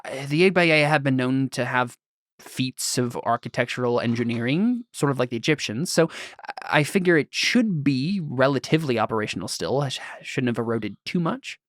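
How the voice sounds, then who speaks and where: Man game-mastering, halting and thoughtful. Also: medium pitch, expressive, a bit bright, no echo, clean studio sound. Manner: hesitant, thinks aloud with many fillers. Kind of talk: narrating a tabletop game.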